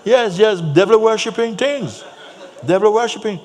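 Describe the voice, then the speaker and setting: A big, gruff Jamaican man, as a storyteller puts him on, his voice crusty and gravelly, firing off blunt questions in a Jamaican accent. It rises well above the teller's own tone, and a long hall reverb trails behind it with a faint hum. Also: high-pitched, moderate pace, a little mellow, pitched above the performer's own voice, lightly acted. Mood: suspicious.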